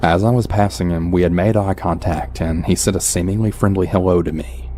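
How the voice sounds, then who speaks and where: A man narrating a true horror story in the first person, calm and even. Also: deep voice, brisk, slight background noise. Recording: soft background music.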